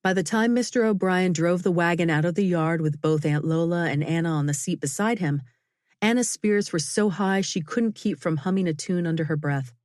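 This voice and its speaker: A woman narrating a novel in a measured, expressive reading. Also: fairly low pitch, dry recording. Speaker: audiobook narrator. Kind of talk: scripted narration. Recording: dry, close studio sound.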